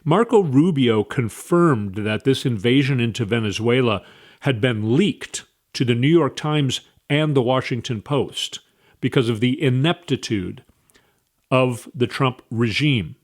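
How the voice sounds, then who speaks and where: A man's voice: medium pitch, expressive, unhurried. A man giving a casual political opinion monologue, scornful and opinionated, with wandering asides. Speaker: political commentator.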